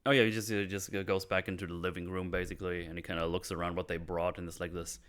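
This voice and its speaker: A man's voice: low-pitched, level tone, quick pace, a bit bright, smooth. A man hosting a podcast, casually breaking down a TV episode in a rambling way, swearing freely and laughing often. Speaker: podcast host.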